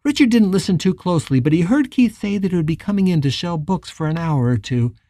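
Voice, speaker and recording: An audiobook narrator giving a calm, measured reading of a novel. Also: mid-range voice, no echo, studio quality. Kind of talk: scripted narration.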